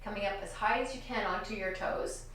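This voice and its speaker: Gentle woman guiding a kids yoga class. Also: medium pitch, a little hiss or hum. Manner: gentle, encouraging, slow cues timed to breath. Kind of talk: guided kids yoga lesson. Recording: echoey room, distant from mic.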